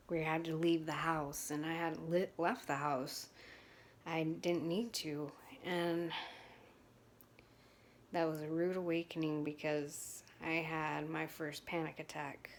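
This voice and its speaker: A young woman vlogger with a low voice, chatting candidly to her camera at an unhurried pace. She keeps restarting her sentences and filling pauses with "um" as she talks. A faint hiss sits behind her. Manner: chatty and frank, with many fillers and restarts.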